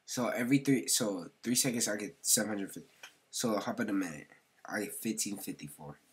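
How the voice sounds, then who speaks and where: Deep-voiced man doing casual game commentary. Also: fairly quick, breathy edge. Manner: slangy, talks to himself, often drops to a mutter or whisper. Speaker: gaming video creator.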